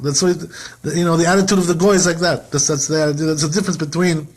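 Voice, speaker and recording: A man's voice: on the high side, fairly even intonation, racing, husky. A man teaching as a rabbi in a Torah lesson, asking himself rhetorical questions and acting out quoted complaints.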